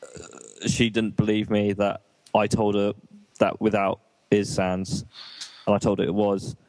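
A man's voice: fairly low pitch, completely flat delivery, unhurried, a little mellow, dry recording. Dry-voiced man telling rambling stories. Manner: swears freely, tells rambling anecdotes with laughs. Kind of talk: casual chat.

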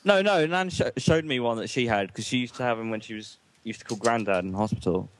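A man's voice: medium pitch, a little fast, a little hiss or hum, rough recording. A young man talking casually with friends, hesitant and rambling with many restarts. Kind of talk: casual chat among friends.

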